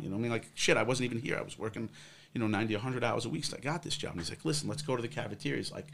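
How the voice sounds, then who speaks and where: A man's voice: mid-range voice, racing, vocal fry, a bit bright, slight background noise. A middle-aged man, a former police officer, telling a long personal story in casual conversation, with many fillers and quoted exchanges. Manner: rambling, acts out others' quotes, many fillers.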